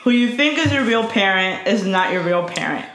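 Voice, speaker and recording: A woman's voice: medium pitch, animated, moderate pace, a bit bright, a little hiss or hum. A woman in casual chat about a TV show, adding dry, joking remarks in blunt slang. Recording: roomy echo.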